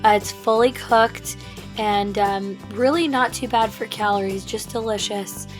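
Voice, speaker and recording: A woman with a raspy voice from laryngitis, chatting through a casual shopping vlog voiceover with lots of fillers. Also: mid-range voice, fairly even intonation, a little slow, over music. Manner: chatty, enthusiastic, many fillers. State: hoarse from laryngitis. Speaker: vlogger.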